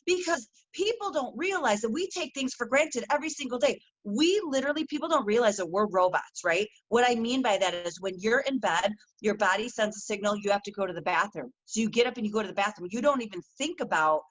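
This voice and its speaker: A woman's voice: fairly high pitch, expressive, brisk, hardly any pauses, dull audio. A middle-aged woman, a guest coach on a podcast, talking earnestly and acting out quotes as she tells her story. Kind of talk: casual interview chat.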